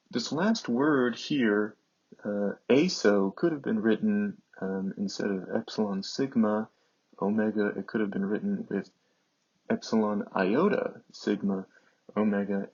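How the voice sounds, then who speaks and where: A man teaching a classics lesson, speaking slowly and haltingly over on-screen text, with many fillers. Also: fairly low pitch, a little mellow, husky, muffled recording.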